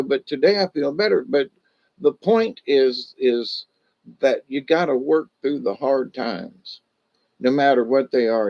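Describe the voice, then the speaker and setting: A man's voice: a little high, vocal fry, lo-fi sound. A man chatting casually on a livestream from home, rambling in a folksy, repetitive way and leaning on "you know". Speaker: livestream host.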